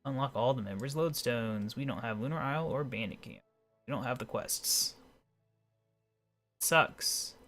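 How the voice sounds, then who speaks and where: A man's voice: mid-range voice, fairly bright tone. A man giving rambling, casual commentary while playing a video game. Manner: rambling, talks to himself. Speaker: video game let's player.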